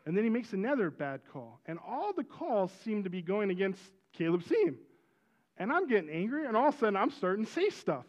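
A middle-aged man, a pastor, preaching a sermon full of personal stories, told with animated energy and bursts of loud exclamation. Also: sits high, fairly quick.

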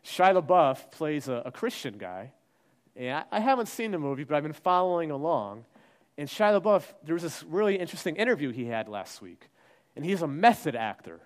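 A man preaching a sermon, acting out the voices he quotes and swinging between hushed and loud. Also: on the high side, very animated, fairly quick. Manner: dramatic, acts out quoted voices, shifts from soft to loud. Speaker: pastor.

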